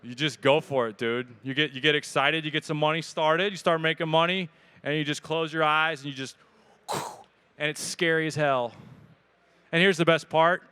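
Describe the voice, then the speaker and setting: This is a man, giving a live talk at an expo and fielding questions from the crowd. His voice sits high, bright and very clear. He talks casually and with lots of energy, cracking jokes. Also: steady tone, normal speed. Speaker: speaker answering audience questions. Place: event hall with audience.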